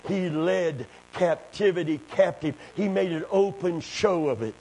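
A man preaching a sermon, calling for amens and building up to shouting. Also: high voice, a little slow, gravelly, slightly rough. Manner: call-and-response, building to shouting.

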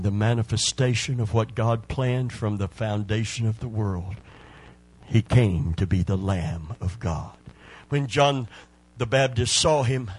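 Male pastor, sermon delivery, slow and deliberate, bursts into fervent shouting. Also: medium pitch, breathy edge. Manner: storytelling preacher, rising to loud fervent shouts.

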